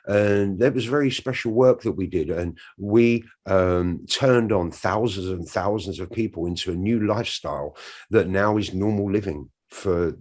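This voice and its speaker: A man's voice: low voice, moderate pace. A man, telling an interview anecdote with energy and acting out the other voices in a cheeky way. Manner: energetic storyteller, acts out quoted voices, cheeky. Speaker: musician interviewee.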